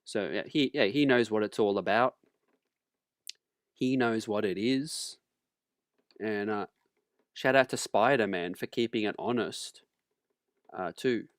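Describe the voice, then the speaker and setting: Slow-talking man hosting a sports channel. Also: fairly low pitch, no echo, clean studio sound. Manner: slow, relaxed, calls viewers fam and ladies and gentlemen; clears his throat often. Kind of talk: casual sports commentary.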